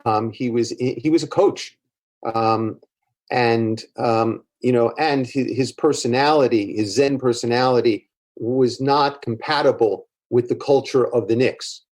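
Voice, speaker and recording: A man's voice: mid-range voice, measured pace, a little mellow. An older man with a Brooklyn accent, a therapist guest on a podcast, telling long stories in a rambling way with many fillers and restarts. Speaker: guest, psychotherapist. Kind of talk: conversational storytelling.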